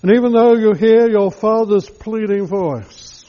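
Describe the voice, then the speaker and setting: A male preacher guides the listener through a scripture meditation, addressing them directly and reflectively. His voice is fairly high for a man, slow and mellow, and the recording is dull and lo-fi.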